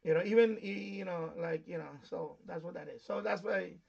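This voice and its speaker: Gravelly high-voiced New man. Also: steady tone, moderate pace, darkish tone, muffled recording. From New York, USA. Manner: rambling, explains things with many fillers. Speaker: shortwave radio live stream host. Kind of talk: casual live stream chat.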